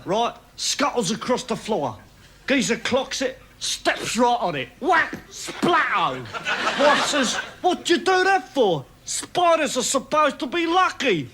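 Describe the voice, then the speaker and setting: A man's voice: high-pitched, fairly bright tone, slight background noise, heavily acted. A man playing a crude cockney punk who tells gags, brash and cackling, in a sketch comedy monologue.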